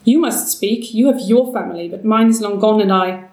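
A woman's voice: mid-range voice, moderate pace, darkish tone, natural voice. A woman voicing a grieving, weary old man who speaks in a trembling, sorrowful way, recorded from a distance in a roomy space. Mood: anguished.

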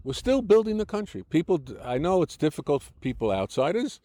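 A man's voice: on the high side, sing-song, fairly quick, mellow, no room sound. An older man with an American accent, explaining and arguing his views in a conversational interview, often restarting his sentences. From United States. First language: English. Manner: argumentative, explanatory, frequent restarts.

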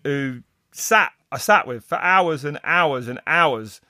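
A middle-aged man, a race commentator, telling stories in casual chat, rambling and animated with many restarts. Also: fairly high pitch, slow, no room sound, studio quality. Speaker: mountain bike race commentator. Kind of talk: casual podcast storytelling.

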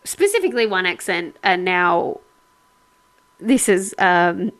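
A woman's voice: lowish voice, sing-song, takes it slowly. A woman co-hosting a casual podcast, chatting and laughing often, sounding grateful as she thanks listeners. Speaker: podcast co-host.

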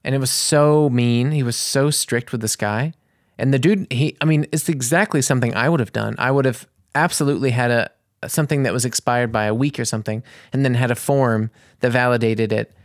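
A man's voice: medium pitch, dry recording, clean studio sound. A man vlogging, telling a story in a casual, rambling way, often restarting and searching for words.

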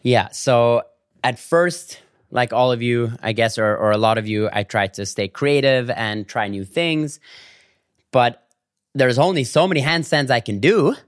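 A man in a casual comedic vlog monologue, telling stories with quick asides and animated bursts. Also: mid-range voice, dry recording, clean studio sound. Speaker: vlogger.

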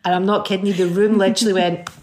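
A middle-aged Scottish singer, a guest on a chat show, tells anecdotes animatedly and acts out the voices in them. Her mid-range voice races along, with a little hiss or hum in the recording.

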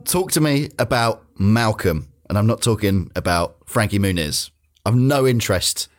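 A man's voice: fairly low pitch, expressive, normal speed. A man on a casual football podcast, bantering in a jokey, playful way. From England. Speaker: podcast guest.

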